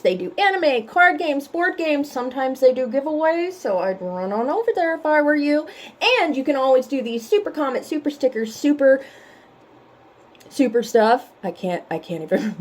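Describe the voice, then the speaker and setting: A woman hosting a reaction vlog, talking casually and emotionally, teary from crying and apologizing for it. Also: high-pitched. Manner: emotional and tearful, apologetic, warmly chatty. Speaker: reaction channel host.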